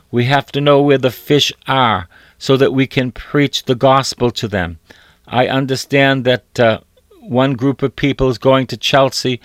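A man's voice: medium pitch, dry recording. Man preaching a sermon, dry sound. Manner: repeats phrases for emphasis, reads scripture aloud.

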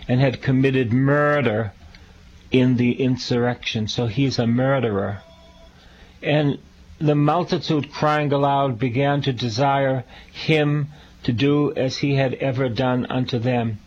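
Male priest, Bible teaching, slow and earnest, mid pitch, slightly muffled broadcast sound. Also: fairly even intonation, a little mellow. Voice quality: earnest, repeats key lines for emphasis. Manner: slow, deliberate, asks listeners direct questions. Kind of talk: Bible teaching, reading scripture with commentary.

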